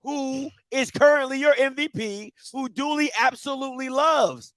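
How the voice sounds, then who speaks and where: A man's voice: very high-pitched, moderate pace, fairly bright tone, dry recording. A man hosting a casual sports talk show, arguing his point emphatically and repeating himself. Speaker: host.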